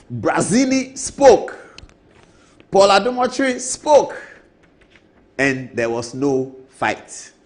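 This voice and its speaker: A man with a Ghanaian English accent hosting an evening TV show in a studio, chatting casually, mimicking other people and laughing often. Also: high-pitched. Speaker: TV show host.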